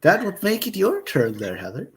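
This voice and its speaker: A man leading an improvised collaborative story, talking slowly and hesitantly with many fillers. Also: high voice, wildly swooping pitch.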